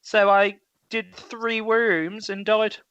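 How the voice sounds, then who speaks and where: High, bright man on a video call. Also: flat delivery, slow, clear, resonant tone, no room sound, highs cut off. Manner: loose storytelling, fillers. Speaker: guest. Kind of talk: casual chat.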